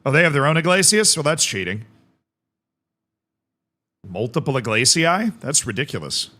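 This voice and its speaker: A man streaming a football management game live, reacting excitably to the match and joking with his chat. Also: mid-range voice, moderate pace. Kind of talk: live gameplay commentary.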